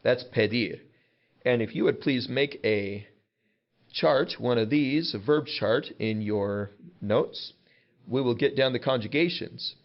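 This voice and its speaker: A man at a middle pitch, patiently walking young students through vocabulary in a relaxed teaching voice. He repeats each word and explains it in a casual, friendly way. The recording sounds a little dull and lo-fi. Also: slow pace. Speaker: Spanish teacher. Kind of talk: classroom vocabulary lesson.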